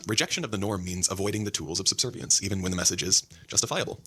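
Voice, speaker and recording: A man narrating a video essay in a measured, scripted delivery. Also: sits low, sharp tone, husky.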